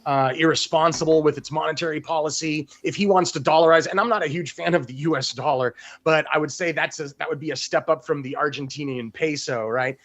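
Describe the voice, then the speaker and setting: Male guest, higher register; measured, polite, a bit hesitant. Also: steady tone, a bit bright. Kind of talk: casual political chat.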